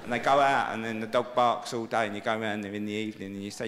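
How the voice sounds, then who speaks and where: A middle-aged man doing a live stand-up routine, telling stories in an animated, shouty way. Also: lowish voice, fast talker, very noisy. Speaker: stand-up comedian. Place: large theatre with live audience. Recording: echoey live hall with loud audience laughter.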